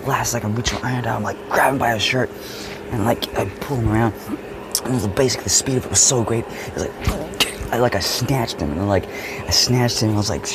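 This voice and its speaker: A man casually telling a story from his school years, acting out the voices and swinging from whispers to shouts. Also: medium pitch, brisk, noisy background. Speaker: vlogger.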